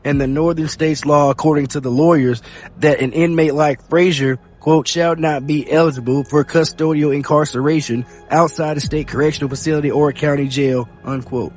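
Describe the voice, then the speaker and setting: A man hosting a podcast, reading news reports aloud in a steady read-aloud delivery. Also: on the high side, fairly quick. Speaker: podcast host. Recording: faint music bed behind.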